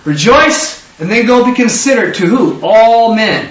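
A man preaching a lively sermon with call-and-response, acting out quotes in different voices. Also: very high-pitched, moderate pace, slight background noise. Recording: echoey room, distant mic, dull sound.

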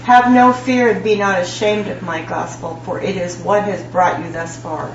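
A woman's voice: fairly low pitch, steady tone, creaky, noisy background. A woman in a congregation speaking in tongues and then giving a solemn prophecy. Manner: slow, solemn delivery. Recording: distant, echoey, dull, humming.

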